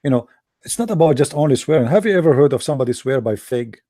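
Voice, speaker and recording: A man's voice: mid-range voice, animated, quick pace, warm tone, no echo, studio quality. A man hosting a livestream who talks to his audience in a sarcastic, mocking way. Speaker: host.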